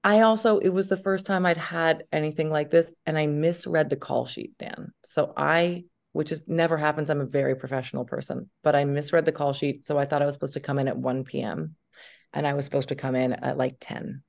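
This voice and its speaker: A woman in her thirties, an actress being interviewed, telling stories in an animated way and laughing through her words. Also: low voice, brisk, vocal fry. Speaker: actress and guest. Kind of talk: casual interview chat.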